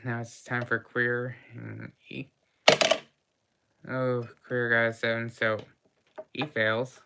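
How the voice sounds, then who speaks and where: A woman running a tabletop game as game master, narrating the party's dice rolls and actions in a halting way with frequent pauses. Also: very deep voice, little pitch movement, gravelly, background noise.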